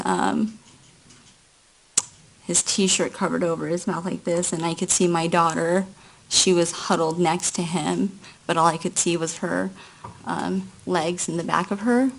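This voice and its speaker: A woman testifying as a witness at a trial, recounting events in a slow, halting way. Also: fairly low pitch. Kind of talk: courtroom testimony.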